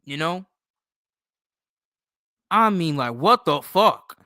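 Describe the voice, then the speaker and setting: A man's voice: fairly high pitch, expressive, slow pace, bright, forceful tone, no echo, studio quality. A young man hosting his own sports channel, ranting casually with lots of swearing, often tagging "bro" and "okay". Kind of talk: casual profane sports rant.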